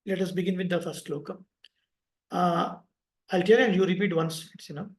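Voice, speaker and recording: A man with an Indian English accent leading an online sloka class, chanting slowly and explaining pronunciation with patience. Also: sits high, fairly even intonation, reverberant, rough recording. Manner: slow drawn-out chanting, patient spelling-out of sounds. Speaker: chanting teacher.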